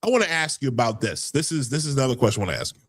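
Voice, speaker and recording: A man's voice: medium pitch, animated, very fast. A man hosting a casual political talk show, heated and rambling, often repeating words as he builds his point. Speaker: podcast host.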